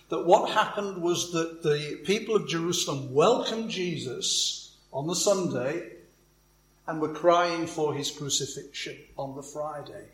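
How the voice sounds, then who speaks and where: A male preacher speaks in a loose, conversational way, often restarting phrases and adding asides to his listeners. His voice sits a little high for a man. The room adds a clear echo around him. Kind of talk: sermon.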